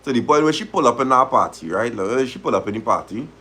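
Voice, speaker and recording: A man's voice: medium pitch, animated, quick pace, hardly any pauses, sharp tone, slight background noise. A man hosting a live stream, reading a story aloud in dialect and reacting to it animatedly. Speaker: host of a live talk stream.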